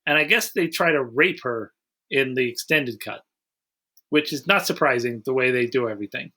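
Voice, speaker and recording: Brief: male podcast host, bright tone, loose rambling recaps. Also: mid-range voice, normal speed. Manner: rambling recaps, acts out scenes. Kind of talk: casual movie review chat.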